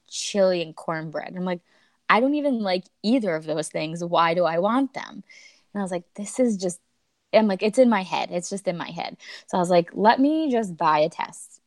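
Young woman, lower voice, dry sound, chatty storytelling, acts out her own lines. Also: no room sound. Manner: chatty, quotes herself often, many "like"s. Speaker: podcast guest. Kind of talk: personal storytelling.

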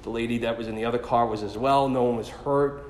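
Guy preaching thru a personal story, lively and self-mocking, big echoey hall w/ long reverb, bit of background hiss. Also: medium pitch, fast. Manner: animated storytelling, self-deprecating asides. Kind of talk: personal story told as a sermon.

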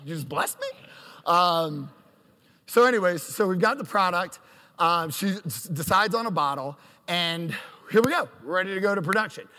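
A man's voice: sits high, animated, normal speed, sharp tone, big-room sound. A man in his thirties telling a self-deprecating story on stage, acting out quotes. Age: 30s. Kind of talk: live storytelling.

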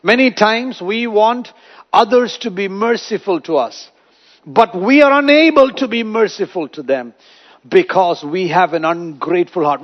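A man preaching a sermon, retelling a parable with dramatic storytelling and wide swings in loudness. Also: high voice, normal speed. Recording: dull lo-fi recording.

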